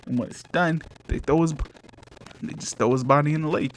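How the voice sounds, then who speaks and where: A man's voice: medium pitch, a little fast, slight background noise. Rambling man retelling a story with slang. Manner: rambling, slangy, laughing asides. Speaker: comedy game reviewer.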